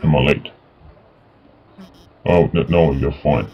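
Very deep, gravelly-voiced man playing a game. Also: fairly even intonation. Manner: halting, many fillers, reads character lines in his own voice. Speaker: gaming YouTuber. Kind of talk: let's play, reading game dialogue aloud. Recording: dull lo-fi mic with faint music.

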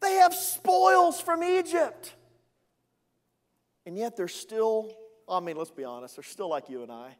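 A man's voice: high-pitched, sing-song, unhurried, pauses often, long reverb tail. A male executive pastor preaching a sermon in a playful, conversational way, with asides to the congregation.

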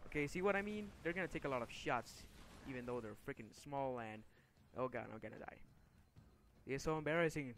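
A man's voice: medium pitch, fairly quick, a bit bright, slight background noise. A young man commenting over his own gameplay, frustrated and swearing, with sudden angry outbursts between mumbled asides. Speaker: gaming video creator.

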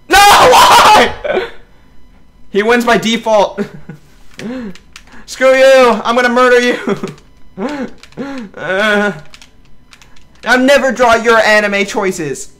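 A man playing a party game with friends, excitable and often laughing and shouting as he plays. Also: extremely high pitch, slow pace, pauses often. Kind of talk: multiplayer gaming chat.

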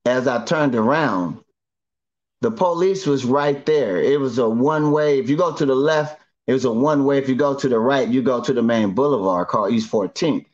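A middle-aged man from Northern California tells his testimony in a loose, slangy, repetitive way, circling back and restarting lines as he goes. His voice sits at an ordinary middle pitch. The recording sounds a little dull and lo-fi. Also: normal speed, a little mellow. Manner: repetitive, slangy storyteller who restarts often. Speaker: guest giving a testimony. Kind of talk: emotional first-person storytelling.

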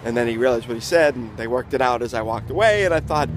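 A man telling a casual story in an animated way, often breaking off and restarting his sentences. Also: mid-range voice, fast talker, background noise. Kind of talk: casual anecdote.

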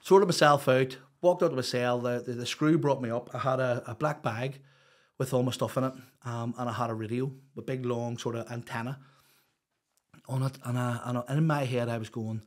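A middle-aged Northern Irish man tells his stories in a loose, rambling way. He is blunt, swears freely and fills his talk with fillers. His voice sits at an ordinary middle pitch. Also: fairly even intonation, brisk. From Northern Ireland. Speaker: guest. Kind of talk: casual storytelling chat.

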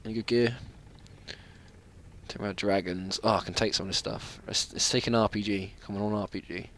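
Young guy chatting over his gameplay, bright voice, keeps saying sorry and yelping at the game. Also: lowish voice, steady tone, normal speed, slight background noise. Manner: chatty, apologetic, laughs and yelps at the game. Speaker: gaming channel host. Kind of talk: casual gameplay commentary.

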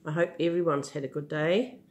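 An older woman reading a picture book aloud, gentle and amused with chatty asides. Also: sits low, steady tone, a little fast. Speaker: storyteller.

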